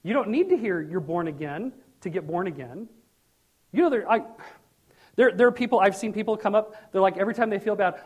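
A middle-aged man preaching a sermon as pastor, animated and joking, with sudden loud bursts. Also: high-pitched, a little fast.

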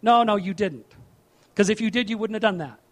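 A male pastor preaching a sermon in an animated, humorous way, repeating his key phrases. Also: high voice, a little fast.

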